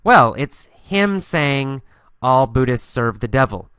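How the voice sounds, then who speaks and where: A man teaching an English listening lesson, slowly and patiently asking questions and answering them himself, repeating the key phrases. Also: mid-range voice, lively intonation, a bit bright, clean tone, no room sound.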